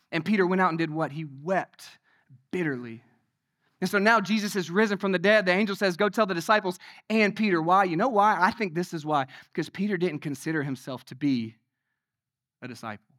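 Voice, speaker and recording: A man preaching a sermon in a conversational way, asking many rhetorical questions and moving between loud emphasis and hushed passages. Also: sits high, normal speed. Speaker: pastor.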